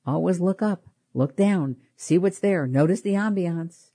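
A middle-aged woman with a slightly low voice hosts her own show, telling personal stories. She talks in an animated way, laughs often and repeats her words as she goes. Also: a little slow, husky. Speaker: podcast host. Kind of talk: personal storytelling.

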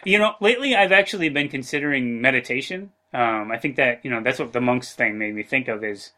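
A man co-hosting a comedy podcast, asking playfully naive questions in a deadpan way. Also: mid-range voice, brisk. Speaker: podcast co-host and editor. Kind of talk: casual comedic banter.

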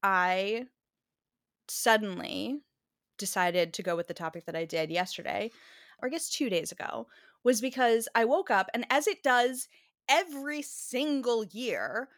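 A woman's voice: fairly high pitch, lively intonation, measured pace, a bit bright, no echo, studio quality. A woman in her thirties co-hosting a podcast, chatting casually and laughing as she thinks aloud. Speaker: podcast co-host. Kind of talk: casual chat.

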